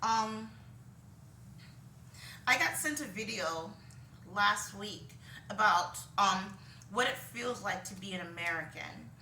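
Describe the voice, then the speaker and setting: Medium-pitched and animated, the woman talks slowly and pauses often, her voice pushed and bright, with slight background noise. She's vlogging at home in front of laundry, drifting through a casual opinion monologue with many ums and little laughs at herself. The mic is distant and the room sounds roomy.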